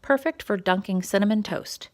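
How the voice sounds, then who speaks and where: A woman reading a children's storybook, voicing a cheerful, bossy female groundhog in a bright, brisk way. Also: mid-range voice, lightly acted. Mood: chirpy.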